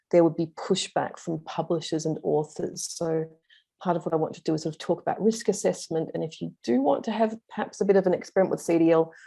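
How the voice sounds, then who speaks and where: A woman giving an academic law presentation on an online call, measured and steady with frequent pauses and ums. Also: on the low side, vocal fry. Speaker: invited speaker on law. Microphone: video call.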